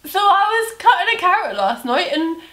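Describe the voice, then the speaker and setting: A woman's voice: very high voice, big pitch swings, a little fast, sharp tone, reverberant, voice pushed up, full character voice. A woman doing a cheeky Brummie lad. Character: cheeky young male Brummie would-be pop star.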